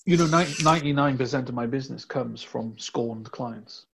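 Gravelly, husky man, storytelling. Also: medium pitch, moderate pace. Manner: animated storyteller, acts out quoted dialogue. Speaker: recruitment business owner. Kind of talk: casual podcast chat.

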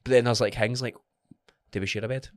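A man's voice: mid-range voice, fairly even intonation, fast talker, dry recording, clean studio sound. A man co-hosting a casual podcast as a fitness coach, blunt and sweary, often answering with short agreeing replies.

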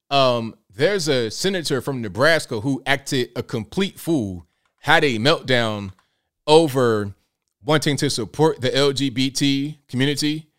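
A man's voice: medium pitch, fairly bright tone. A man hosting a live show, reacting to clips with slangy jokes and frequent laughter. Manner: joking, slangy, laughs often. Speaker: host.

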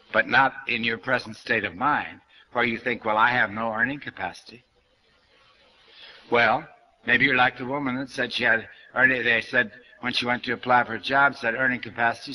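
A man's voice: medium pitch, sharp tone, poor audio. A man giving a New Thought spiritual lecture in a conversational, folksy way, quoting scripture as he goes. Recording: archival lecture recording.

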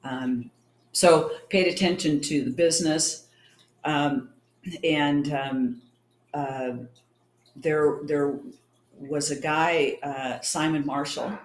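A middle-aged Californian woman, a champion cyclist and triathlete, chats as an interview guest, acting out the dialogue in her stories. Her voice is low-pitched and slow with a steady tone. The casual storytelling interview is recorded with a roomy echo.

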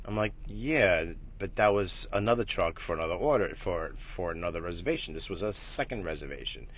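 A man hosting a casual morning vlog, rambling and swearing, jumping between loud bursts and low mutters. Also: animated, a little fast, a little hiss or hum. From United States. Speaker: morning stream host.

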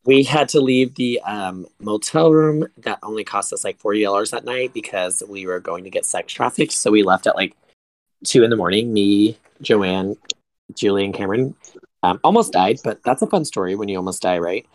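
A man's voice: fairly low pitch, normal speed, no room sound, rough recording. A man co-hosting a casual podcast, telling loose rambling stories and laughing often. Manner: rambling storyteller, laughs a lot. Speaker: podcast co-host.

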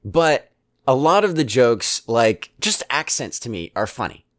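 A man's voice: mid-range voice, very animated, no room sound. Rambling man in casual chat, dry mic. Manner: rambling, halting, many restarts and fillers; chuckles often.

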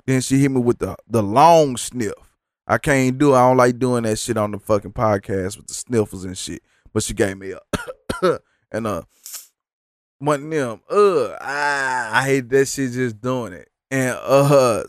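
A man hosting a podcast, telling a profane, animated story while sick and tired, mocking the people he quotes. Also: mid-range voice, measured pace, no echo, clean studio sound. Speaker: podcast host. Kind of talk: casual storytelling monologue.

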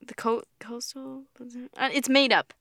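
Higher-voiced joking woman host. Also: vocal fry, sharp tone, no echo, studio quality. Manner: joking, quick to laugh. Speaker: podcast host. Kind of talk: casual chat.

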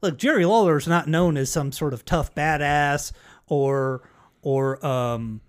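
A man's voice: on the high side, measured pace, smooth. A man telling a story in casual chat, swearing freely and acting out the quotes. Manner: profane storyteller, acts out quotes.

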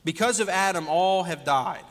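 A man with a high, slightly bright voice preaches at normal speed as senior pastor. He asks the congregation one rhetorical question after another, and the church sanctuary adds a long hall reverb.

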